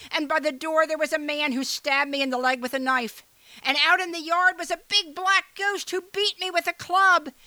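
A woman's voice: very high-pitched, pushed and bright, dry recording, pitched above the performer's own voice, heavily acted. A woman voicing a terrified male robber who babbles in a frantic wail, in a storybook reading. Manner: breathless frantic wailing. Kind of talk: storybook read-aloud.

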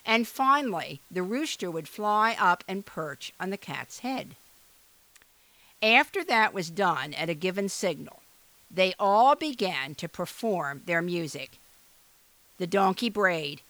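A woman reading a children's fairy tale aloud in an expressive, animated way. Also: fairly low pitch, slow pace, dry recording. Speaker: storyteller. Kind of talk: storybook read-aloud.

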